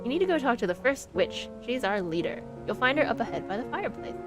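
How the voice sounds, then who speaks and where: A woman's voice: a little high, very animated, fast. A woman voicing a welcoming young witch in a video game, courteous and reassuring, with game music behind her. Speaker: game character.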